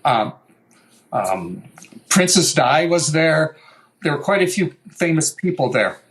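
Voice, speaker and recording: A middle-aged guitar maker, a man, telling lively stories in an interview, acting out what others said and laughing often. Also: fairly high pitch, slow, low-quality recording. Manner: animated anecdotal telling, acts out quoted voices, laughs often. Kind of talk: storytelling interview.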